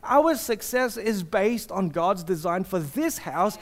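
A man with a notably high voice preaches a sermon. He speaks earnestly and personally and keeps posing rhetorical questions to his congregation. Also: expressive, slow pace. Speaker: pastor.

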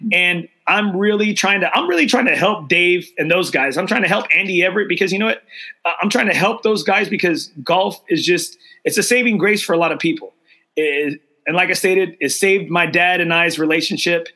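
A middle-aged male host with a high, bright, forceful voice. He talks with open emotion and enthusiasm, circling back and repeating his points as he goes. His delivery is casual and heartfelt. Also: fairly quick. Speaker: golf show host. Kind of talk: casual chat, live show sign-off.

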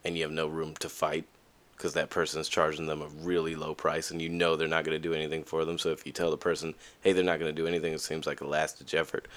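A man's voice: a bass voice, level tone, fast talker, fairly bright tone. A young man hosting a podcast, talking candidly in a casual monologue and acting out the voices of people he quotes. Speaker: podcast host.

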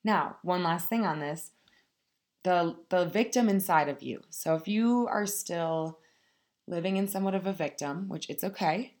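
Woman, motivational speaker, candid and profane, slightly low voice, casual direct address. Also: normal speed, darkish tone. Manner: frank, profane, addresses listeners as "you guys".

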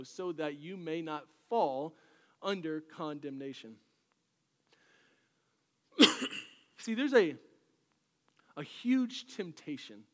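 A man preaching a sermon as pastor, lively and storytelling, with jokey asides. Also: fairly high pitch, in a large hall.

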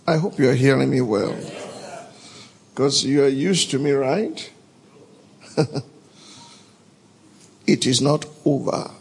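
Gravelly preacher, slow and emphatic. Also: male voice, medium pitch, a little hiss or hum. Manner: emphatic, calls out to the congregation for responses. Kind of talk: sermon. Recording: long hall reverb.

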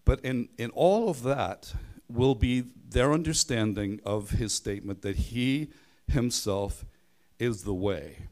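A man's voice: mid-range voice, a little mellow. A man preaching a sermon in a conversational way, leaning hard on key phrases and stumbling over the odd restart.

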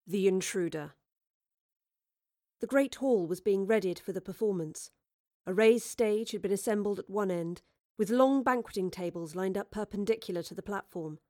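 A woman reading a novel aloud in measured, even scripted narration, close to the microphone. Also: medium pitch, no room sound. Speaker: audiobook reader.

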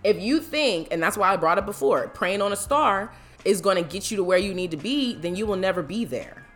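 A woman's voice: mid-range voice, animated, brisk, soft background music. A woman giving a casual motivational talk about faith, emphatic and preachy, acting out the voices she quotes. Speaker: motivational speaker.

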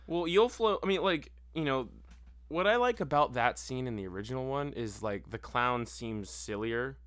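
A man co-hosting a podcast in casual chat, animated and swearing a lot. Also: mid-range voice, moderate pace, clear, resonant tone, no room sound. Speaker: podcast co-host.

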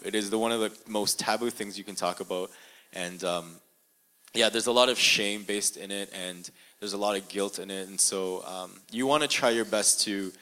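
A young man sharing a personal testimony in an interview, earnest and halting, full of fillers and restarts, in a room with a live audience. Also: lowish voice, pushed and bright, clean tone, poor audio.

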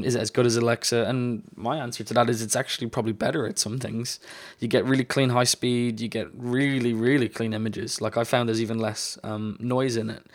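A man with an ordinary mid-range voice chatting on a podcast as a colorist. He sounds keen and talks loosely, peppering his speech with "like" and "um". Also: mid-range voice. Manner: enthusiastic, chatty, lots of "like". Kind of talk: casual podcast discussion.

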